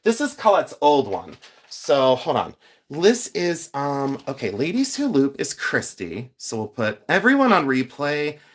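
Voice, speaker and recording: Animated, chatty man hosting a livestream. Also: medium pitch, unhurried. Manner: chatty, reads viewer names aloud, laughs often. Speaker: livestream host sorting jewelry. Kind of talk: casual livestream chat.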